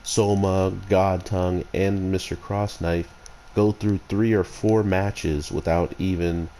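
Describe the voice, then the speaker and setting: A man's voice: low voice, fairly even intonation, slow pace, mellow, slight background noise, low-quality recording. A man giving a casual, rambling spoken review as an anime reviewer, drifting from point to point. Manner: rambling, digressive.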